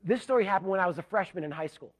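A pastor from Southern California telling a self-deprecating story in a sermon, animated and full of restarts. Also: male voice, high-pitched, racing. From Southern California, USA.

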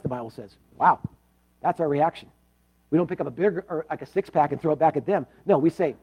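A man preaching a sermon as pastor, earnest, moving between loud emphatic points and hushed pleading prayer. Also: high-pitched, fairly quick, slightly rough, highs cut off. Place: church service.

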